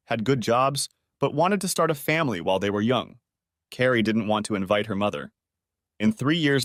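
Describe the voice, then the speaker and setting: Steady male storybook narrator, dry sound. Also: mid-range voice, no room sound. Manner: steady, measured first-person reading.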